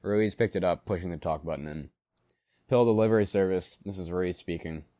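A man's voice: deep voice, fairly quick, no room sound, clean studio sound. A man reading a story aloud and acting out the characters' lines in dialogue. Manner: acts out characters in dialogue, shouting and growling.

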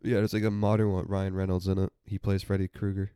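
A young man co-hosting a podcast, chatting in a dry, deadpan way and coughing now and then. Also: low-pitched, quick pace, clean tone, no echo. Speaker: podcast co-host. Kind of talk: casual chat.

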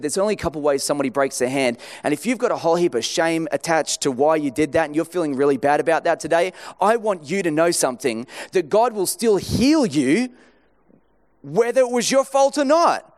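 A man preaching a sermon, telling a personal story and acting out both sides of a conversation. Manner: acts out dialogue in anecdotes, pitch swings.

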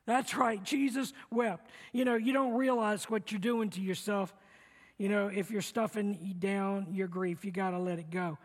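A middle-aged pastor preaches an earnest, repetitive sermon in a church sanctuary, repeating phrases and leading the congregation in call-and-response. His high voice holds a steady tone at a moderate pace, and the hall adds a long reverb.

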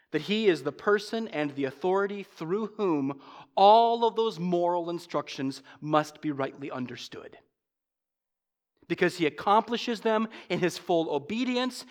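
A man preaching a sermon as pastor, emphatic, swinging from loud stresses to low asides and slowing sharply on repeated refrains.

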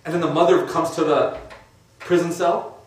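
A man preaching in a loose, chatty style, tossing in casual fillers as he talks. His voice sits a little high for a man. He is heard from some distance in a very echoey room. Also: steady tone, normal speed. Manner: conversational, uses casual fillers. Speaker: religious speaker. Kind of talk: informal sermon.

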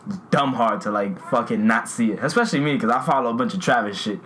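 A man's voice: medium pitch, fast talker, a bit bright, slight background noise. A young man chatting casually with a friend, slangy and laid-back, laughing often. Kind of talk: casual chat.

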